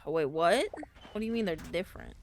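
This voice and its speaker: A young woman streamer chatting casually while gaming, rambling playfully and thinking out loud. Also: fairly low pitch, animated, quick pace, gravelly, background noise.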